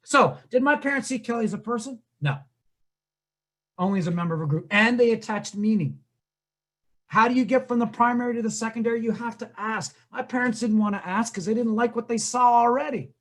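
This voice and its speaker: A man's voice: very high voice, a little fast. A man, a diversity trainer, giving a humorous storytelling talk and quizzing his audience. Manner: animated, comic, asks the audience questions.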